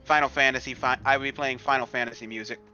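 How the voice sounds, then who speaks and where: A man chatting as a player in a tabletop game, full of jokes and casual swearing. His tone is bright and forceful. The recording is dull and lo-fi. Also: medium pitch, fairly even intonation, fast, soft background music. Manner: joking, swears freely.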